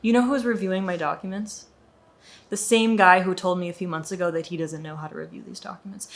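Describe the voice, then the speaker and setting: A young woman telling a storytime vlog in an animated, indignant way, acting out the dialogue as she goes. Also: lowish voice, fast talker. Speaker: vlogger.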